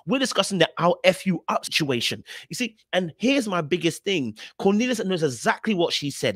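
Emphatic British man, lively pitch. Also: no echo, studio quality. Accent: British English. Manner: emphatic, repetitive, lecturing. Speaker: podcast host reviewing reality TV clips. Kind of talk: commentary on video clips.

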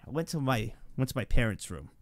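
A man telling a funny story in casual chat, animated and hesitant, acting out the scenes. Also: mid-range voice, fast, no room sound.

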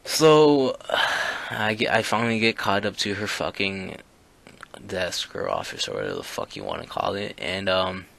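Gravelly, bright-voiced young man telling a story. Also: low-pitched, sing-song, moderate pace. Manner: rambling, profane, with many fillers and restarts. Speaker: YouTuber. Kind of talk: casual story-time vlog.

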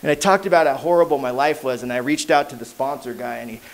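A man speaking at a recovery meeting, telling his own story in a casual, slangy way and going quiet at the hard parts. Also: mid-range voice, fast talker. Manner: casual, slangy storytelling, dropping to a hushed voice at emotional moments. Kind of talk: personal recovery story told to a crowd. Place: meeting hall.

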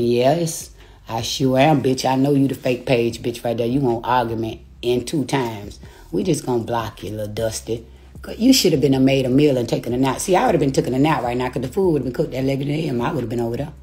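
A woman with a very deep, mellow voice rants on a phone livestream from home in a rented house. She's profane and taunting, laughing in between the insults.

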